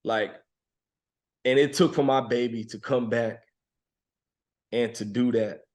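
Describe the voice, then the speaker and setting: A man in his thirties, a podcast guest, telling a personal story in a reflective, emotional, soft-spoken way, laughing now and then. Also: mid-range voice, fairly even intonation, slow pace. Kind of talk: heartfelt conversational storytelling.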